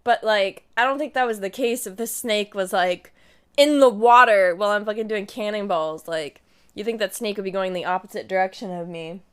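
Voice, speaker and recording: A woman in her twenties casually shares a story with her livestream viewers, acting out the things she and her friends said. Her mid-range voice moves at a moderate pace and sounds fairly bright, clear and resonant.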